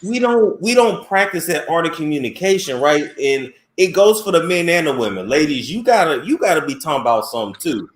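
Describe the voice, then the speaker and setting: A man hosting a casual call-in chat, talking in a blunt, frank and animated way. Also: fairly high pitch, fairly quick, few pauses, roomy sound. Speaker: host.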